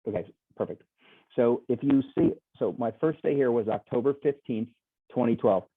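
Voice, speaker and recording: A man's voice: mid-range voice, moderate pace, breathy edge, no room sound. A man giving a casual, enthusiastic sales presentation as a guest speaker, rambling with frequent restarts, heard over a video call. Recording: tinny phone-like video call audio, dry.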